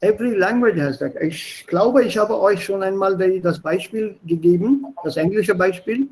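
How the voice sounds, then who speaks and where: A man's voice: high-pitched, expressive, normal speed, few pauses, darkish tone, rough recording. A middle-aged man with an Indian accent teaching an online class over a video call, explaining at length, repeating himself and spelling words aloud. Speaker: language teacher.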